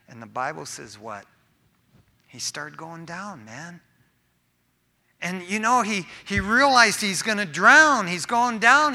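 Male pastor, casual and animated sermon delivery, very bright, slightly high voice. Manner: casual, animated preaching with frequent "man".

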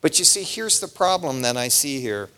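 A middle-aged male pastor preaching with a bright, forceful voice that swings widely up and down. His speech is casual and chatty, and the sound rings out with the long reverb of a big hall. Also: mid-range voice, normal speed, clean tone. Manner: animated, conversational, peppers lines with "man".

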